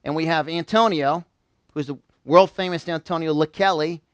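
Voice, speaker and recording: A motivational speaker man with a New York accent, voice sitting a touch high and close, dry in the room. He fires questions at his listeners and has them shout answers back. The delivery is energetic seminar talk. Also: moderate pace, clear, resonant tone, no echo. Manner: energetic, quizzes the audience with call-and-response. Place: seminar room with a small live audience.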